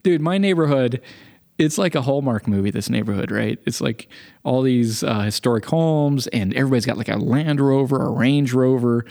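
A man's voice: medium pitch, normal speed, creaky. A man in early middle age co-hosting a podcast, telling self-deprecating stories in casual chat and acting out the people in them. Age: young adult. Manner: storytelling, self-deprecating, animated impressions. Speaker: podcast co-host.

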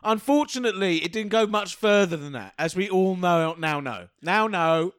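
High, giggly man. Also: animated, moderate pace, a bit bright, clean tone. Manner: sheepish, giggly. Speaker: podcast co-host. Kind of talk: comic banter.

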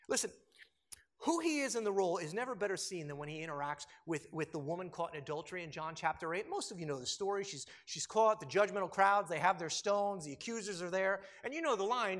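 A male pastor preaching a sermon, swinging from loud emphasis to hushed, slow lines. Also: high-pitched.

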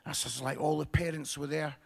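A man's voice: on the high side, level tone, a little fast, vocal fry. A man telling funny stories to an audience, acting out the characters and laughing along. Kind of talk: comic storytelling to an audience.

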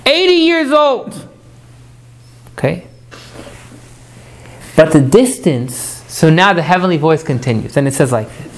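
Man teaching a text class, halting starts. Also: on the high side, expressive. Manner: repeats words at starts, asks the class questions.

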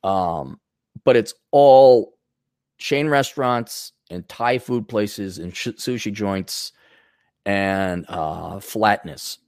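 A man's voice: on the low side, drawn-out words, darkish tone, smooth, no room sound, studio quality. A man hosting a podcast, ranting with profanity and sarcasm and reading out viewer donations. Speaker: podcast host.

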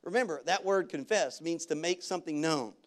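A male pastor delivering a sermon with a fairly high-pitched voice. He preaches in a loose, storytelling way with casual slang and now and then breaks into loud, energetic shouts. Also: a little fast. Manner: animated preaching that jumps into loud shouted bursts. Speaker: guest pastor.

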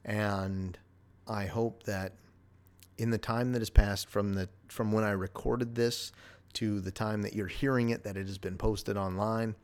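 A man's voice: on the low side, fairly even intonation, unhurried. A man hosting his own podcast alone, rambling casually with wry, self-deprecating asides. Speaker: podcast host. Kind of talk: casual solo podcast monologue.

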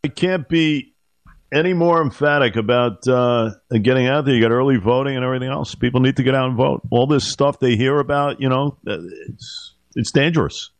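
Halting talk-radio host, dry studio sound. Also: male voice, mid-range voice, dry recording. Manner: halting, many "uh" fillers, then heated.

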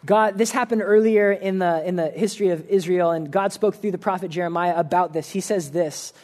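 In a church service room, a man with a high voice preaches a conversational sermon at a fairly quick pace. He's earnest and informal, often restarting sentences and dropping in lots of "like."

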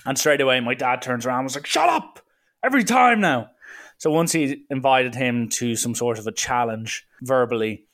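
A man's voice: mid-range voice, level tone, a little fast, hardly any pauses, a bit bright. Chatty male podcaster, loose and rambling in his anecdotes. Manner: rambling and chatty, with fillers and slang. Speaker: solo podcast host. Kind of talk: casual storytelling monologue.

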